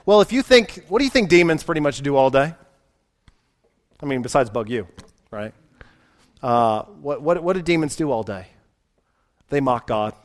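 A man's voice: mid-range voice, expressive, normal speed, pauses often. A man preaching a sermon in a conversational way, asking his listeners questions and acting out the voices he quotes.

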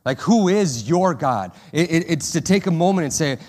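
A man preaching a sermon to his congregation in a conversational way, often asking "right?" and restarting his sentences, and acting out prayers and quotes with more energy. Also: normal speed. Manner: animated, acts out prayers and quotes in a higher, louder voice. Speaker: pastor.

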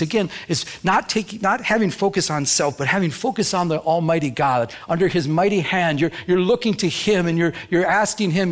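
A man preaching a sermon as pastor, with many restarts, who acts out the voices he quotes. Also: high-pitched.

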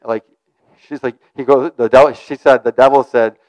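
A man's voice: medium pitch, steady tone, moderate pace, a little mellow, dry recording, highs cut off. A man giving an informal sermon in a conversational, rambling way. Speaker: preacher.

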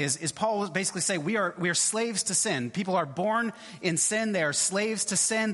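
A man's voice: sits high, sharp tone, big-room sound. A male pastor giving a conversational sermon in church, often checking in with his listeners. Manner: conversational, repeats "right?" often.

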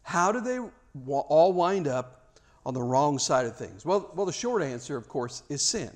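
A man's voice: on the high side, very animated, moderate pace. A man preaching a sermon, emphatic, with rhetorical questions and repeated words.

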